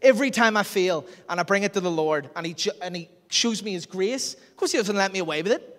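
A man preaches, slipping into loose asides and quick laughs at his own expense. His voice sits a little high, and the words carry a long reverb through a big church hall. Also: lively intonation, fairly bright tone. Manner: chatty, self-deprecating, laughs often. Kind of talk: sermon.

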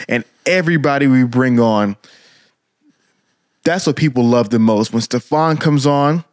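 An earnest man co-hosting a podcast, encouraging listeners in a preachy, heartfelt way. His voice sits at a middle pitch. The sound is dry and close to the mic. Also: a little slow, no echo. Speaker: podcast co-host. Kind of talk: casual podcast talk.

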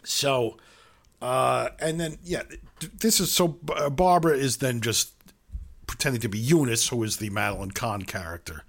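Man, podcast co-host, casual film talk, filler-heavy, mid pitch. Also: normal speed, a bit bright. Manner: chatty, trails off with fillers.

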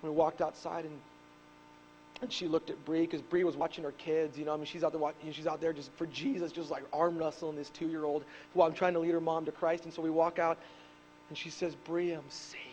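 High-voiced pastor preaching with animated stories. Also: male voice, a little fast, a little hiss or hum, low-quality recording. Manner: animated storytelling, shouts on key points. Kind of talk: sermon. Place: church.

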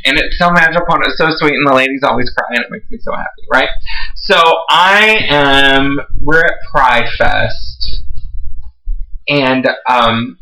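A man's voice: mid-range voice, unhurried, bright, forceful tone. A man chatting casually, telling rambling, gushing stories full of "like". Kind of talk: casual chat, storytelling. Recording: echoey room.

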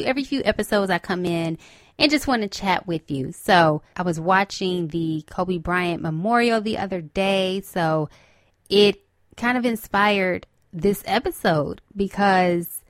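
A woman talking solo as a podcast host, earnest and emotional, leaning on repeated phrases to drive her points home. Her voice sits at an ordinary pitch for a woman, recorded close and dry with no room sound. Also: no room sound. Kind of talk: solo casual chat.

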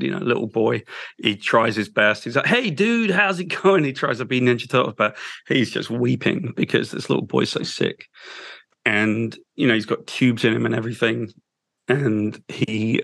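A man, a guest in an interview, telling an emotional story in a halting, heartfelt way. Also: mid-range voice, gravelly, no echo. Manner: halting, with restarts, soft and heartfelt.

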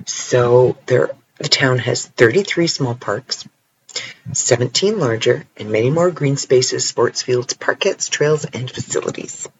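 A man's voice: medium pitch, animated, unhurried, husky, lo-fi sound. A Canadian man chatting casually and playfully on his own in a rambling vlog, tired at night. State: tired, stretching sore legs. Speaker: vlogger. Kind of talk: casual solo chat. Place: indoors, alone at night.

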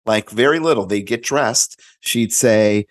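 A man's voice: lowish voice, unhurried. Man telling stories on a podcast. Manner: animated storyteller, acts out quoted voices. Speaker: podcast guest. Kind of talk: casual chat.

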